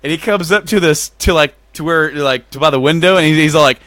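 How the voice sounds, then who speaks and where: A man with a high, bright, lively voice who jumps around in pitch. He talks in a loose, profane way and laughs often. The recording is dry and close. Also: fast, no room sound. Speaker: podcast co-host. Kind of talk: casual chat.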